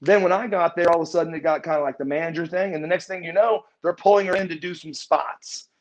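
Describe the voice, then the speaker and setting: A man's voice: a little high, fairly even intonation, fast talker. A middle-aged man, a former wrestler, telling a rambling story in an interview, stumbling over repeated words and acting out what people said. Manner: rambling, repeats and restarts words, acts out quoted dialogue. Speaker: guest, former pro wrestler. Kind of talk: casual shoot interview storytelling. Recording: muffled lo-fi audio.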